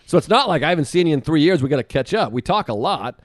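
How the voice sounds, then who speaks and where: A man on a podcast telling a story in casual chat, animated and excitable. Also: a little high, quick pace, dry recording, studio quality. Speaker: podcast co-host.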